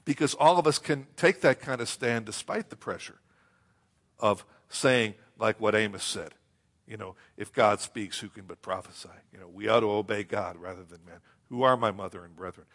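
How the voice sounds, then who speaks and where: Guy preaching a sermon, chatty, lots of "you see?" and "okay?", slows down for verses. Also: fairly low pitch, a bit bright. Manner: conversational preaching with rhetorical questions and repeated phrases. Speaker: pastor.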